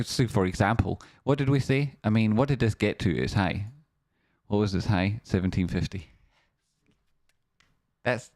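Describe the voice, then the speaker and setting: A young man hosting a trading livestream in casual chat, who gets excited as he shouts out viewers by name. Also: lowish voice, no room sound. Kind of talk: casual live-stream chat.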